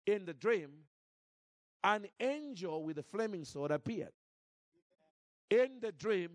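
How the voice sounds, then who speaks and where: A man's voice: sits high, no room sound, studio quality, voice pushed up, heavily acted. A man doing an eager little girl.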